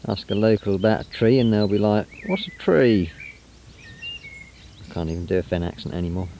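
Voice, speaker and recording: A man's voice: on the low side, dark tone, slight background noise, low-quality recording. A man from England filming a casual fishing vlog outdoors by a lake, chatting and explaining his tackle step by step. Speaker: angler vlogger.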